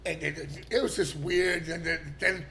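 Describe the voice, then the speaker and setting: A man, a podcast guest telling stories in casual chat, animated and profane and laughing often. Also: a little high, normal speed, vocal fry, slight background noise.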